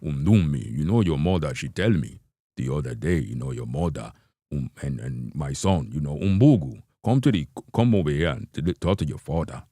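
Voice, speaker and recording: A man's voice: a bass voice, expressive, normal speed, warm tone, no room sound, voice pushed down, heavily acted. A man imitating an older Nigerian father scolding his son, with a put-on Nigerian accent, broken grammar and chuckles.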